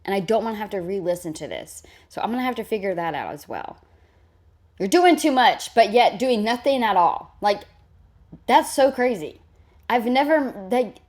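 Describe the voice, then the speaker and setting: A woman's voice: fairly high pitch, darkish tone. A woman streaming live and reacting to a clip with mocking, profane commentary, talking back at the person on screen.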